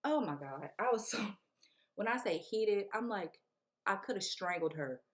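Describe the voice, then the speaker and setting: Animated young woman telling stories. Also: medium pitch, moderate pace. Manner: animated, slangy, acts out quotes. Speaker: vlogger. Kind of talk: casual storytelling.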